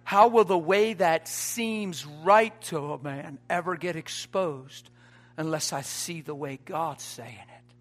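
A man preaching a sermon to a congregation, swinging from quiet asides to loud emphatic points, folksy and joking. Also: fairly high pitch, slow. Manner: folksy, joking, quotes everyday sayings.

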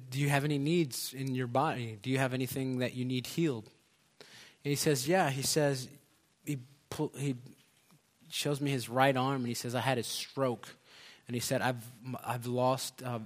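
A middle-aged man preaching a sermon, telling a story in a loose, conversational way full of fillers before rising into loud, fervent exclamations. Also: medium pitch.

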